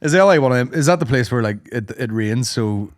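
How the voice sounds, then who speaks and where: A man's voice: mid-range voice, animated, brisk. A young man, co-hosting a podcast, who swears a lot and mimics his friends in casual chat. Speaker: podcast co-host.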